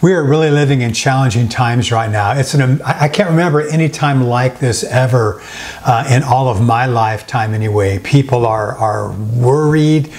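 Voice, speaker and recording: A male pastor preaching a sermon, slowing down for emphatic repeated phrases, with frequent fillers. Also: medium pitch, darkish tone.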